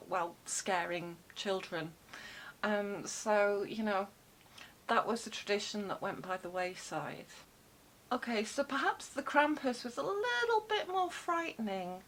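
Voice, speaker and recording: Woman vlogging at home, slow rambly chat w lots of ums, faint hiss in the background. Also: medium pitch, fairly bright tone, poor audio. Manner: chatty and rambling, many um fillers, wry asides. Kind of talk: casual rambling talk to camera. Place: home room with cats about. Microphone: desk microphone.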